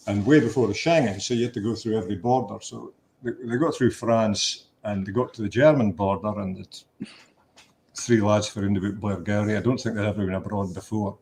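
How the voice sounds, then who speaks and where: A Scottish man with a lowish voice tells an anecdote in a radio chat. He talks easily, restarts his sentences often and chuckles along the way. A faint hiss of noise sits behind him. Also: a little mellow. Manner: chatty anecdotes with restarts, laughing at his own punchline. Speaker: guest musician.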